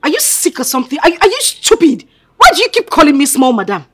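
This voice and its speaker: A headstrong young daughter in a film drama, arguing and pleading with raw emotion. Her breathy, fairly high voice rises and falls over a wide range. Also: big pitch swings, moderate pace, a little mellow. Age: young adult.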